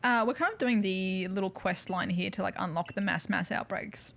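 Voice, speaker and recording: A woman's voice: medium pitch, normal speed, gravelly, fairly bright tone, a little hiss or hum. A woman streaming a video game, chatting casually, thanking viewers and making wry asides. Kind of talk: casual livestream commentary.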